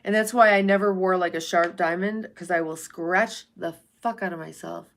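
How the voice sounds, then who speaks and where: A woman's voice: on the low side, fairly even intonation, normal speed. Blunt, swearing woman streamer chatting. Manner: blunt and profane, chatty, reads out viewer names. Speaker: livestream host. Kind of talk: casual chat with live viewers.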